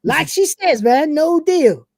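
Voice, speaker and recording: Cocky male cat figure with high streetwise swagger, voiced by a woman; dry, close recording. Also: animated, takes it slowly, a little mellow, no room sound, exaggerated voice. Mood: brash.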